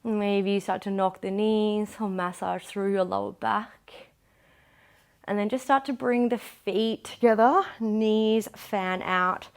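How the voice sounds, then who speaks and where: Slow-paced pilates instructor, woman. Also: mid-range voice, clear, resonant tone. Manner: encouraging, counts down reps. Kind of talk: guided workout instruction.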